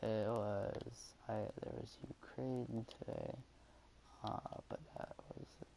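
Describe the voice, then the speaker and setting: A man's voice: lowish voice, fairly even intonation, slow, creaky, warm tone, slight background noise. A young man telling a school story in a casual vlog, rambling with lots of swearing and fillers.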